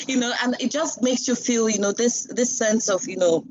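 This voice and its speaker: A woman's voice: on the high side, normal speed, few pauses, lo-fi sound. A young woman, a student union president, chatting casually in a live discussion and telling stories with laughs. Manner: chatty, animated storytelling with laughs.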